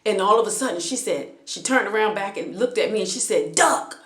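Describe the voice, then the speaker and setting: A woman's voice: mid-range voice, fast, roomy sound. A woman vlogger telling a personal story in a casual, conversational way, with frequent hesitations and restarts.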